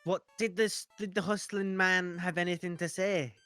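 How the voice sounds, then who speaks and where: A man playing a tabletop role-play game, excitable and playful, jumping into character. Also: high voice, moderate pace, clean tone, dry recording, faint music behind. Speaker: player, podcast host.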